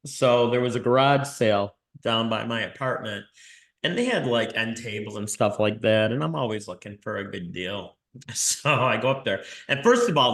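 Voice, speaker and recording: A man's voice: lowish voice, fairly bright tone. A man co-hosting a podcast in casual chat, goofy and self-mocking, rambling as he talks. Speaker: podcast co-host. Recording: roomy echo.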